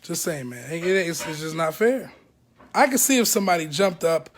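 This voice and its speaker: Talking to camera at a moderate pace, a man whose voice sits on the high side tells his story as a former member, with slight background noise in the recording. He is emotional and profanely blunt, animatedly acting out what others said.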